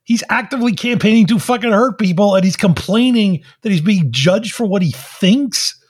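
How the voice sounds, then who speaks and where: A man's voice: sits high, moderate pace, husky. A man co-hosting a podcast, ranting in a profane, exasperated way. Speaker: podcast co-host. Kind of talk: casual chat.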